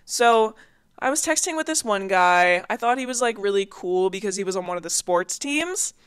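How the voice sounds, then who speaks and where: A young woman hosts her own podcast and tells stories in a casual, animated way. Her voice is smooth and clear, at an ordinary pitch for a woman. She laughs easily as she talks. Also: normal speed. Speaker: podcast host. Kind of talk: casual storytelling.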